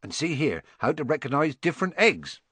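A man voicing a big, kindly, gruff gamekeeper giant with a bluff, blustering way of talking, in an audiobook reading. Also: on the high side, very animated, a little fast, fairly bright tone, no echo, pitched above the performer's own voice, exaggerated voice. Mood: proud. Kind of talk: audiobook character voice.

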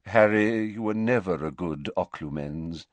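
Elderly wizard headmaster, read by a man, soft and unhurried, calm authority, dry booth. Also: deep voice, dry recording. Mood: grave, calm. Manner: quiet, measured, gentle.

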